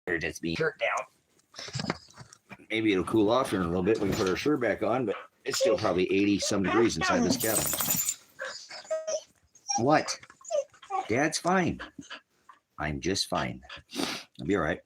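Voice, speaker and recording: A man's voice: low voice, animated, moderate pace, pauses often, noisy background. A man with a cough rambling in casual livestream chat from a small cabin, often talking sweetly to his dog. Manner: rambling, talks baby-talk to his dog. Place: small hot cabin, off-grid farm.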